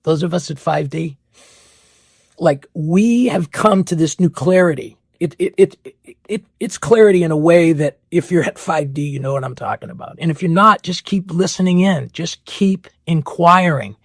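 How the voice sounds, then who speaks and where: A man hosts a spiritual podcast monologue, firing off rhetorical questions and circling back to the same phrases. His voice sits high and has a gravelly edge. The sound is dry and close. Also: normal speed, dry recording. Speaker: podcast host.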